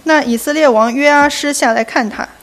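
A woman with a fairly high voice works quickly through a sermon, interpreting it phrase by phrase into Chinese. She keeps a steady pace and stays close behind the preacher.

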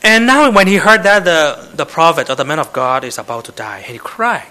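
A man with a bright, somewhat high voice preaches in halting. He speaks in short bursts, stopping after each phrase so an interpreter can follow. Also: expressive. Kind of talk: sermon with live interpretation.

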